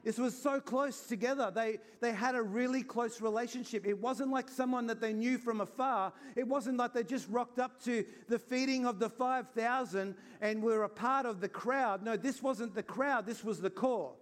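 A man's voice: very high-pitched, normal speed, few pauses. A man preaching an Easter sermon in an earnest, conversational way, acting out little scenes as he goes. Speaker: pastor.

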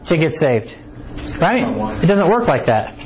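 A man's voice: fairly high pitch, big pitch swings, measured pace, background noise. A man preaching a conversational sermon to a small congregation in a church, often asking "right?". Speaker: pastor. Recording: slightly dull recording with faint ambience.

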